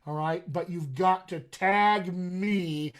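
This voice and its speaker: A man's voice: sits high, slow. Chatty male dialect coach on a live stream. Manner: chatty, many ums, pleading repetitions. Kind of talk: live-streamed talk to an online group.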